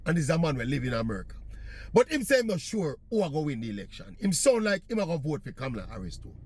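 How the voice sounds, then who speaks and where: A man's voice: fairly high pitch, very animated, fast talker, darkish tone, slightly rough. A man from Jamaica with a Jamaican accent, chatting in patois as he tells a casual story. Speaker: vlogger.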